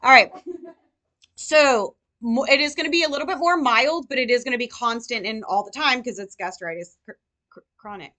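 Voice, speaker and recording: Bright sounding woman teaching nurses, quick quiz questions, higher voice. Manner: energetic, quizzing students with rapid questions. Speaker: nursing tutor. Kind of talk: live classroom lecture.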